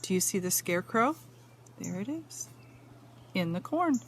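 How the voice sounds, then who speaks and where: Slow, lively teacher reading to children. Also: female voice, medium pitch, a little hiss or hum. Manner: slow, sing-song, asks the children questions. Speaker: teacher reading aloud to young students. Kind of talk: picture-book read-aloud with questions.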